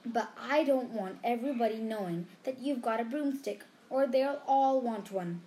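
A woman reading out a note from a brisk, stern female professor in a storybook reading. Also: fairly high pitch, dark tone, natural voice.

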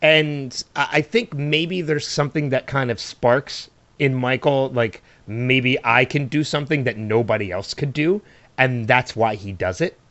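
A man's voice: mid-range voice, a little slow, a bit bright, no echo. A man chatting casually about a TV episode, laughing a lot and repeating himself as he builds a point. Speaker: podcast co-host. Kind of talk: casual TV recap chat. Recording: dull, lo-fi dry recording.

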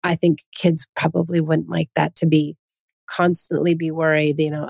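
A woman's voice: deep voice, fairly even intonation, normal speed, vocal fry, a little mellow, no room sound. Earnest woman giving parenting advice. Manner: earnest, rhetorical questions, self-corrections. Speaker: parenting podcast host. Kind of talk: casual advice talk.

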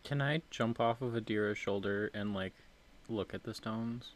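A man's voice: lowish voice, normal speed, slight background noise. A man playing a tabletop role-playing game, playful and mischievous. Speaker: player.

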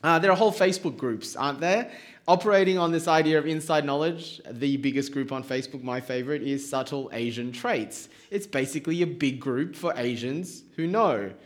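Guy preaching at church, kinda high voice, chatty and jokey, keeps asking the crowd stuff. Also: brisk. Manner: conversational, playful, asks the congregation questions. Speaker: pastor. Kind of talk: sermon.

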